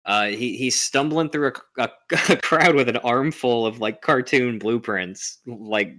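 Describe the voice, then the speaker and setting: A man's voice: mid-range voice, unhurried, hardly any pauses, fairly bright tone. A man hosting a casual podcast, recapping a film with rambling asides and lots of fillers. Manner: rambling, many fillers, laughs often. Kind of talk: casual chat.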